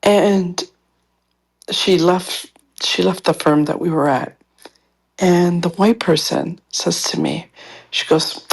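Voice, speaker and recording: A woman with a low, gravelly voice trades stories on a casual podcast chat. Her tone carries a husky edge. She slips into the voices of the people in her story as she talks. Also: slow pace. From Latin American heritage. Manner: animated storyteller who acts out other people's voices. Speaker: podcast co-host.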